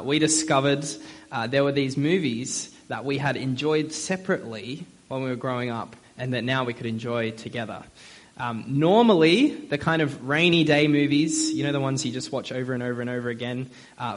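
A man's voice: medium pitch, a bit bright. A young man preaching a sermon in a friendly, conversational way, with frequent fillers.

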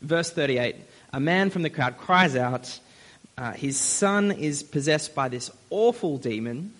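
A man's voice: fairly high pitch, animated, measured pace, a bit bright. A young man preaching a sermon in a friendly, conversational way, with frequent fillers.

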